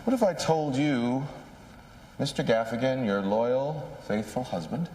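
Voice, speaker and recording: A man's voice: mid-range voice, expressive, a little slow, music in the background. A man delivering a theatrical mock-prosecutor speech in a comedy sketch. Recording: echoey hall, faint noise.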